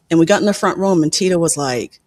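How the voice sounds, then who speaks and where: Film producer swapping stories in an interview, swears a lot, dry close sound, mid-pitched voice. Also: no room sound. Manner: candid and profane, acts out quoted people with sharp pitch jumps. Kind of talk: candid interview storytelling.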